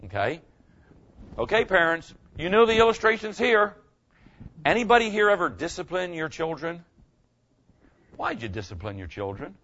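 This older man preaches in a homey, chatty style, repeatedly checking in with the congregation by asking "okay?" His high voice has a sing-song, pushed, bright quality at normal speed with frequent pauses, and the audio's highs are cut off.

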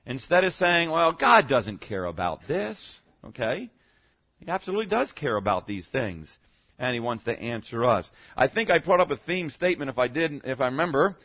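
A man's voice: mid-range voice, big pitch swings, normal speed, lo-fi sound. A male pastor preaching a teaching sermon in a conversational way, often checking in with the congregation and punching key words for emphasis.

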